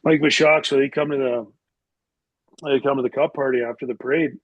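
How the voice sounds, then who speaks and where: Speaking briskly in a steady, mid-range voice, a middle-aged former hockey player shares casual stories as a podcast guest. He meanders and uses plenty of filler words. Everything sounds dull and lo-fi, captured dry in a close space.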